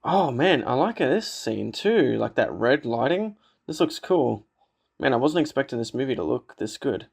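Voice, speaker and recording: A man's voice: medium pitch, sing-song, normal speed, vocal fry, noisy background. A man giving a casual movie reaction commentary, laughing often, swearing and filling with "like" and "you know".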